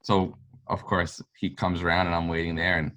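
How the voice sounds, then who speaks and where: A man's voice: deep voice, flat delivery, moderate pace, bright, forceful tone. A man, a golf fan, telling a long story in casual chat, rambling with lots of fillers. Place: local pub.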